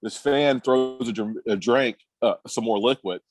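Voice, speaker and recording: A man in his thirties, a podcast guest and former pro basketball player, telling stories in a relaxed, halting way with frequent laughs. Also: medium pitch. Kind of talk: casual storytelling on a podcast.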